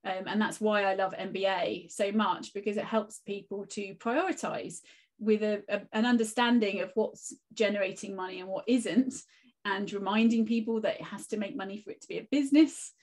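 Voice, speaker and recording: A woman's voice: mid-range voice, steady tone, moderate pace, darkish tone. A woman, a guest teacher and author, speaking in a casual conversational interview and giving reflective, encouraging advice.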